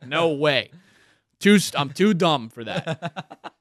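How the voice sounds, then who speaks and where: A young man casually telling stories as a podcast guest, animated and swearing often. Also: fairly high pitch, slow, no room sound, clean studio sound. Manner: swears a lot, animated, laughs through stories. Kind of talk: casual storytelling chat.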